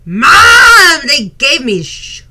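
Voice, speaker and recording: Brief: woman voicing a sugar-high little boy, mischievous and bouncy. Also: slow, heavy background noise, exaggerated voice. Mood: excited. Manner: excited, bouncy.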